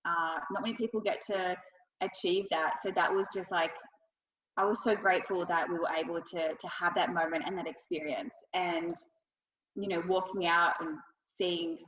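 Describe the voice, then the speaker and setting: A woman's voice: lowish voice, fairly even intonation, moderate pace, a bit bright, roomy sound, big-room sound, muffled recording. A young woman with a thick Australian accent, answering interview questions with effusive enthusiasm and lots of fillers. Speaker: wrestler.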